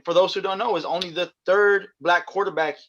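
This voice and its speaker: A man's voice: sits high, fairly even intonation, a little fast, pushed and bright. A man co-hosting a casual sports podcast, rambling with restarts and frequent laughs. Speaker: podcast co-host. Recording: dull lo-fi sound.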